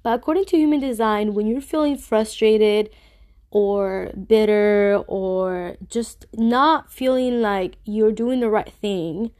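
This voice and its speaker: A woman's voice: mid-range voice, takes it slowly, a little mellow. A woman from the US hosting a casual solo talk, earnest and reassuring, with a stuffy, congested voice. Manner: reassuring, earnest, speaks to listeners directly. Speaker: podcast host.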